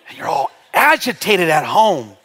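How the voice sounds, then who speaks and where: A middle-aged man preaching a sermon, his voice bright, forward and ringing. He swings widely in pitch, dropping low and quiet, then rising high and loud. He jokes and calls for responses from the congregation. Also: measured pace, slight background noise. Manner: animated, playful preaching with jokes and call-and-response. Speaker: pastor. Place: church sanctuary.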